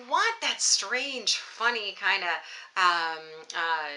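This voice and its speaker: A woman voice teacher leading a playful, encouraging vocal warm-up lesson straight to camera. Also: mid-range voice, expressive, normal speed, low-quality recording. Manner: playful, encouraging, demonstrates exercises. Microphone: camera mic, close framing.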